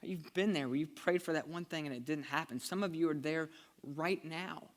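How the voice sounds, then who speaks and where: A pastor preaches a sermon in an earnest, conversational way, moving between lively and hushed delivery. His male voice is a little high and his pace normal.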